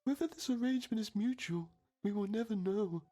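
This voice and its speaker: Man voicing a deadpan game documentary narrator, husky and mellow, lively pitch, soft music beneath. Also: a little fast. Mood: solemn. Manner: deadpan, solemn documentary delivery. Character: solemn male TV documentary narrator.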